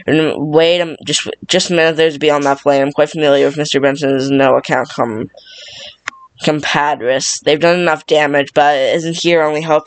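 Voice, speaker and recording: Man rushing through a script in a monotone. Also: on the high side, clear, resonant tone, no room sound. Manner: monotone, stumbling over words. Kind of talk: hasty script read-through.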